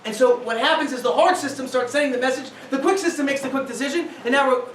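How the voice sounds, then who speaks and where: A rabbi giving a guest talk on family life, animated and acting out little scenes, checking in with his listeners with "right?". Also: very high voice, fast talker. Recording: echoey room, distant mic, faint noise.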